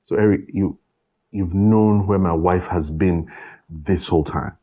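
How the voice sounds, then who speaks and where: An actor playing a furious betrayed husband, husky and accusing. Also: male voice, low voice, unhurried, muffled recording. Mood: angry. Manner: bitter, accusing, shouting in bursts. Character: furious betrayed husband, young adult man.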